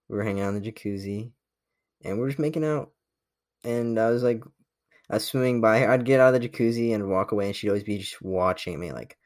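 With a lowish, darkish voice, this young podcast host brags his way through a dating story, swearing freely and laughing with cocky confidence. The studio-quality recording has no echo.

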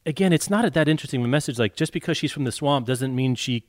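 A man's voice: mid-range voice, fast talker, no room sound. Chatty man discussing a book. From not from the US South. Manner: chatty, wry, many fillers and restarts. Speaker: podcast co-host.

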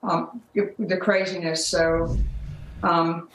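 A woman giving a TV interview as a mother, halting and upset, with many restarts. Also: lowish voice, steady tone, fairly bright tone, roomy sound, a little hiss or hum, rough recording.

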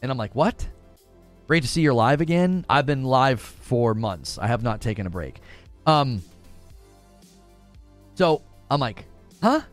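A man hosting a casual livestream, reading chat and acting out his own reactions in lively commentary. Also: mid-range voice, a little slow, pauses often, soft background music. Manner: animated, acts out his own past thoughts. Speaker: livestream host.

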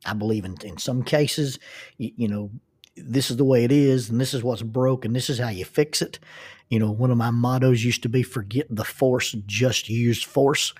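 A man's voice: mid-range voice, steady tone, normal speed, dark tone. A middle-aged man telling a rambling, self-deprecating personal story, with frequent restarts.

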